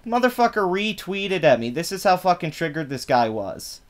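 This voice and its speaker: A man's voice: very animated, moderate pace. A man ranting in a mocking, profane commentary, reacting to posts online. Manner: mocking, profane, loud swings in pitch. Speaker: political commentary vlogger.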